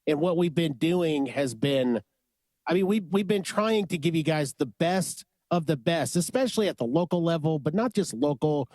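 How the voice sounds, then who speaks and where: A man hosts a podcast with energy despite being sick. His voice sits a little high and sounds dry and close to the mic. He talks up his co-hosts with enthusiasm. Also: normal speed, no room sound. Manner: energetic, hypes up guests. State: sick, under the weather. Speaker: podcast host. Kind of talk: upbeat casual chat.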